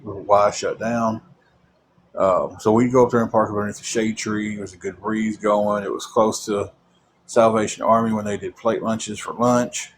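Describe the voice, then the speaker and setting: A man's voice: fairly low pitch, flat delivery, normal speed, background noise. A man telling a long personal story about his faith, rambling with frequent restarts.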